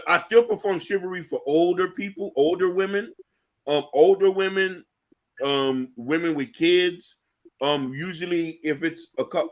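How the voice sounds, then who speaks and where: A man hosting a casual talk show, joking and animated, playing up mock fear. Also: a little high. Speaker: show host.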